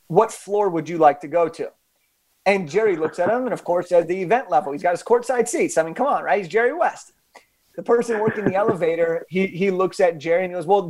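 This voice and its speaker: A young adult man, an author and podcast guest, telling a story with animated emphasis and frequent restarts. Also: high-pitched.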